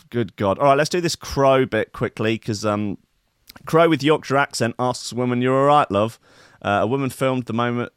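A man's voice: medium pitch, smooth, no echo, clean studio sound. A man hosting a comic show, riffing on odd news stories in a rambling, sardonic, sweary way. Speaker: host. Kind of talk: comic commentary on news clips.

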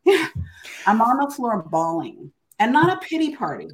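An older author, the guest of an interview, narrates her story in a fairly high, very animated voice at a moderate pace. She's casual and emphatic, often finishing sentences with "right?".

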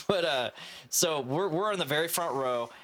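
A man's voice: on the high side, expressive, measured pace, fairly bright tone. A man casually telling a rambling, swearing story among friends, often laughing.

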